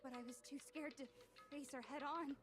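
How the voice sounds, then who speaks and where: A woman's voice: high-pitched, fairly even intonation, fairly quick, soft background music, close to an everyday voice. An actress voicing a timid, gloomy young woman in a video game, talking in a hesitant, fearful way.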